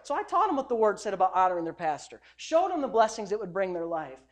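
A man, a pastor, preaching a sermon in an emphatic, conversational way, swinging between loud and soft. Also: sits high, big pitch swings, quick pace.

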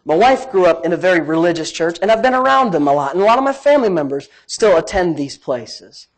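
Animated preaching man, middle-aged. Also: high voice, fast talker, poor audio. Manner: animated preaching, swings between soft asides and emphatic rises. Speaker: pastor. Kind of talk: sermon.

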